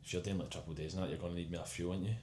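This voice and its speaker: A Scottish man co-hosting a casual podcast, chatting in fast, sweary banter. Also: low-pitched, steady tone, darkish tone, echoey room, slight background noise. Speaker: podcast co-host.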